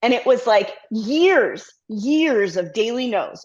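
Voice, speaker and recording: A woman's voice: on the high side, animated, slow, darkish tone. A middle-aged woman guest, a company CEO, telling her story candidly in a conversational interview and slipping into quoted self-talk. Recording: slightly muffled lo-fi audio.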